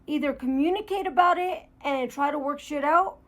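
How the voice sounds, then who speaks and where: A woman's voice: high-pitched, normal speed. A woman talking in a candid, emotional, rambling vlog monologue about her own life, recorded at home. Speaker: motorcycle vlogger.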